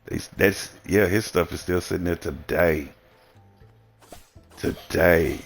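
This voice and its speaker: A man's voice: low-pitched, slow, gravelly, breathy edge, faint music behind. A man with a Southern American accent, livestreaming a blunt, rambling and profane casual monologue. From Southern United States.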